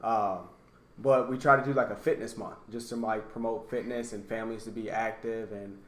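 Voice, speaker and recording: A man's voice: on the low side, moderate pace. Easygoing man, echoey room. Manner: relaxed, agreeable, short affirmations. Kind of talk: casual chat.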